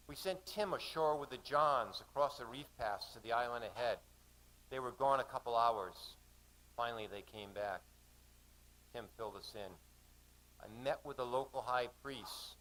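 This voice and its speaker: A man's voice: mid-range voice, sharp tone, a little hiss or hum, poor audio. Man reciting a seafaring poem. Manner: measured, vivid recitation. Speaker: poet. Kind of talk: spoken-word storytelling. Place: live reading in a cafe.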